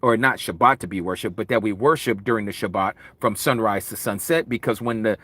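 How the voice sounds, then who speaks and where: A man preaching a Bible study sermon, loud and vigorous, with mounting intensity. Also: lowish voice, a little fast, no room sound. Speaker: Hebrew Roots Bible teacher. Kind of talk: impassioned livestream sermon.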